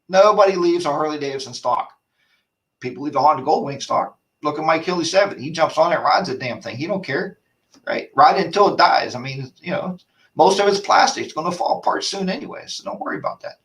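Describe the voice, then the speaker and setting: A man's voice: a little high, expressive, fairly quick, fairly bright tone, distant mic. A man hosting a casual live-stream chat, rambling and ranting while reading viewer comments aloud. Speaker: host of a motorcycle chat show.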